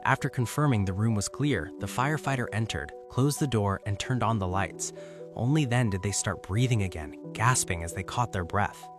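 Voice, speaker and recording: A man giving a scripted story recap narration in an even, steady delivery. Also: fairly low pitch, moderate pace. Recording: narration over loud background music.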